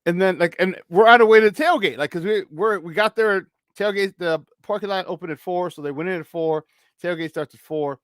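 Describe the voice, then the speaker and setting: Man, high voice, sports talk co-host, casual storytelling, acts out the people in his story, dry close sound. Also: brisk, no echo. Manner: swears casually, many restarts.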